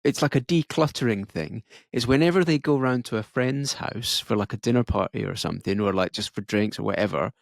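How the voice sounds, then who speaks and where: A man's voice: on the low side, brisk, creaky, hardly any pauses, no echo, clean studio sound. A man who produces the podcast, chatting casually and a little hesitantly. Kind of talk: casual chat.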